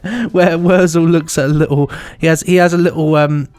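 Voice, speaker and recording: A man's voice: a little high, steady tone, fairly quick, a little mellow, no room sound, faint music behind. An English man co-hosting a podcast, chatting enthusiastically and laughing often. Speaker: podcast co-host. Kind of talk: casual chat.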